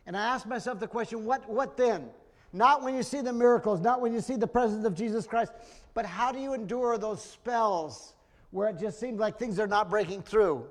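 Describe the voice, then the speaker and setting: A man's voice: sits high, moderate pace. A middle-aged man preaching a sermon, earnest and emotional, often restarting his sentences.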